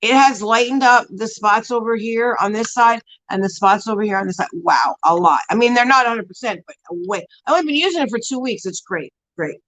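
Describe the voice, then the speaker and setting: A woman's voice: fairly high pitch, animated, a little fast, few pauses, fairly bright tone, low-quality recording. A woman hosting a casual beauty live stream, chatting and answering viewers in a rambling way full of fillers and frequent laughs. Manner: laughs often while talking.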